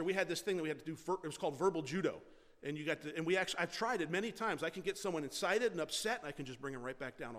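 A man with a slightly high voice preaches a sermon, his words ringing with the long reverb of a large hall. He swings between loud emphasis and hushed, gentle lines. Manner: shifts between loud emphasis and soft quiet delivery. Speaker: pastor.

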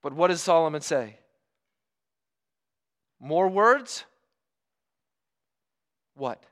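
A man with a notably high voice preaches a sermon. He builds his points through rhetorical questions, pressing each one home with earnest emphasis and drawn-out pauses before key words. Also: expressive, a bit bright.

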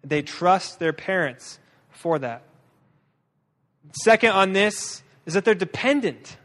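A man with a high, bright-pitched voice preaches a sermon as a guest speaker. He talks in a lively, joking way and often stumbles and restarts his sentences. His voice rings out with the long reverb of a large hall. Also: takes it slowly. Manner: lively, humorous, with frequent restarts.

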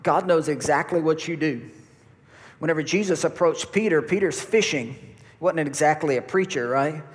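Pastor guy, kinda high voice, folksy sermon, lots of hall echo. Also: moderate pace. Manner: folksy, repeats words, talks to congregation. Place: church hall. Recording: long reverb of a church hall.

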